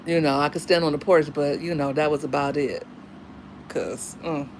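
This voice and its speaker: A woman's voice: low-pitched, steady tone, normal speed, darkish tone, slight background noise. A middle-aged woman and single mother talking candidly and emphatically about dating and raising daughters, in a casual monologue.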